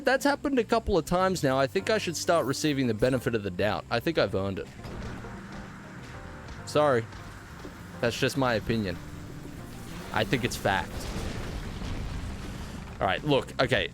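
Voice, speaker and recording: An Australian man live-streams a game and jokes with his chat in a playful, mock-outraged way. His voice sits at an ordinary middle pitch. Faint music plays behind him. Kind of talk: casual live-stream chat while gaming.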